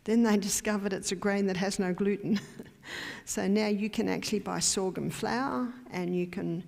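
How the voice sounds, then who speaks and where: Gravelly Australian woman lecturing. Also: medium pitch, steady tone, normal speed, darkish tone. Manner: emphatic, asks the audience questions. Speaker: health educator. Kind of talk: health lecture to a church audience. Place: church hall. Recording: long hall reverb.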